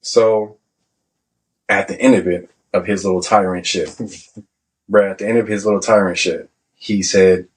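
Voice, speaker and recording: A man's voice: deep voice, unhurried, pauses often, poor audio. A man, a Navy veteran guest, telling stories in a casual, profane way and acting out the people he quotes. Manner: profane, animated, acts out quotes. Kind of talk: casual storytelling.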